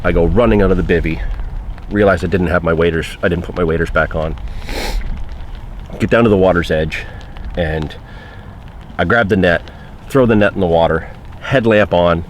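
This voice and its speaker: A man with a very low voice tells a fishing story in a loose, conversational way, leaning on fillers as he goes. Faint outdoor noise sits behind him. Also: steady tone, normal speed, long pauses. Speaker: angler recounting a trip. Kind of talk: casual spoken anecdote.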